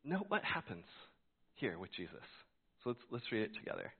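A man's voice: on the low side, huge pitch swings, normal speed, creaky, slight background noise. A man preaching a sermon as a pastor, telling a story and acting out his own reactions. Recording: tinny phone-like sound.

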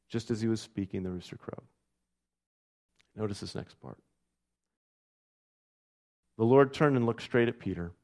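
Male pastor, mid-pitched, sermon delivery that lifts for the readings and sinks quiet. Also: moderate pace, pauses often, clear, resonant tone. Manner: reads scripture aloud with rising emphasis, then drops soft and low.

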